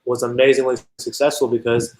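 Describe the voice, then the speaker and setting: A man's voice: medium pitch, fairly quick. Man telling stories in an echoey room. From US South. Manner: relaxed, rambling storytelling. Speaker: business founder interviewed as guest. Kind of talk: casual interview conversation.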